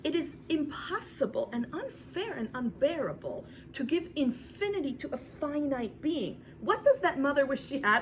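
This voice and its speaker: A woman from New York giving a lecture to a women's class, dramatic, swinging between loud emphasis and near whispers, repeating words for emphasis. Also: sits high, lively intonation, moderate pace, hardly any pauses. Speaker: Torah lecturer.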